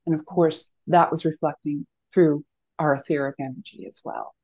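A woman's voice: low voice, fairly even intonation, normal speed, dark tone, lo-fi sound. A woman counselor speaking as a podcast guest, explaining in an earnest, teacherly way and often asking rhetorical questions.

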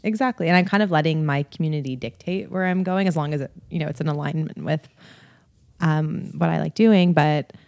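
Young woman guest, low gravelly voice, chatty and easygoing, dry close mic. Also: fairly quick, no echo. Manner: relaxed, chatty, many fillers. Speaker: podcast guest, content creator. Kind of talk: casual chat.

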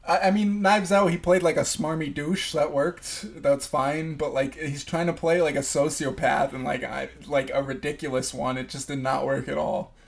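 A man's voice: on the high side, steady tone, moderate pace, gravelly, few pauses. A man co-hosting a film podcast, giving blunt, emphatic opinions with frequent laughs. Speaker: podcast co-host. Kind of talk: casual film review chat.

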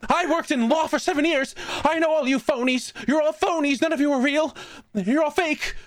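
A man voicing a confused, frantic elderly woman who is a hospital patient, shrill and panicky, repeating herself. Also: moderate pace.

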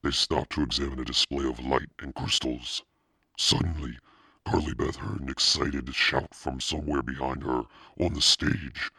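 A man narrating a children's novel in a steady, plain way. His voice sits extremely low, with a gravelly, husky grain. The recording is close and dry. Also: normal speed, no echo. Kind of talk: audiobook reading.

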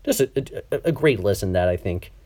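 Over a Skype call, a male podcast host chats casually in a low, slightly nasal voice that's fairly quick, a little mellow, and lively in intonation. His talk is full of ums and restarts.

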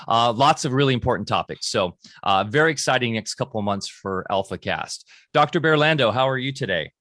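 A man hosts a podcast in a loose, casual way, stopping often for ums and uhs. His voice sits in an everyday middle pitch and comes through dry and close over a video call. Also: a bit bright, no room sound. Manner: hesitant, many ums and uhs. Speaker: podcast host.

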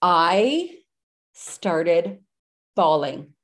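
This woman, in her thirties, is a podcast guest telling a story on a video call. She speaks at a normal speed in a mid-range voice, chatty and breathless, with "like" and other fillers everywhere.

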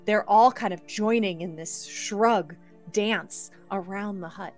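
A woman narrates a tabletop game as game master, in an unhurried, drawn-out delivery. She gropes for words and restarts her sentences as she paints each scene. Soft music plays faintly behind her. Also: medium pitch. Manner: descriptive, searching for words with restarts.

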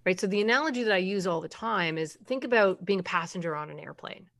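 A woman's voice: fairly low pitch, fast talker, fairly bright tone. A middle-aged woman, a parenting expert, explains her approach in a conversational interview. She talks emphatically, asks rhetorical questions and now and then acts out quoted voices.

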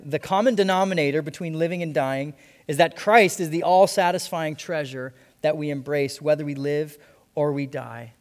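Male pastor, slightly higher voice, earnest sermon delivery in a church with long reverb. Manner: earnest, repeats phrases for emphasis, slows on key lines.

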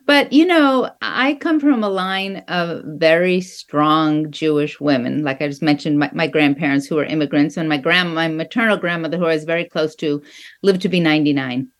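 A woman in her sixties, an author being interviewed, speaking in a thoughtful, earnest, measured way. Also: low voice. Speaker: author guest. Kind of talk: interview conversation.

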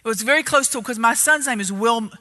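A woman telling a story in a sermon, animated and loud, getting louder as she gets excited. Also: a little high, fast talker. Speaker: preacher. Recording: reverberant hall.

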